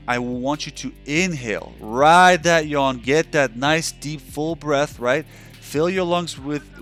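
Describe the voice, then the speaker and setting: A male counselor giving a loose, conversational instructional talk over a webcam, often checking in with his listener. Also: mid-range voice. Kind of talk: instructional explanation.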